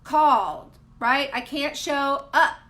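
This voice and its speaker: A woman hosts a casual live coaching chat for women in business. She talks to her viewers directly and with emphasis. Her voice is high and bright. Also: slow. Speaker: host.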